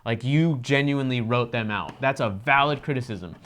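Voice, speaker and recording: A man's voice: mid-range voice, normal speed, a bit bright. A man co-hosting a reaction video, talking in an earnest, emphatic way and swearing freely. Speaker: co-host of a reaction channel. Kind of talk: casual reaction discussion.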